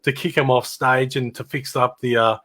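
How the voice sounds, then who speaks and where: A man's voice: mid-range voice, fairly even intonation, normal speed, bright, forceful tone. A middle-aged Australian man telling rambling stories about his old band in casual chat, laughing and imitating people as he goes.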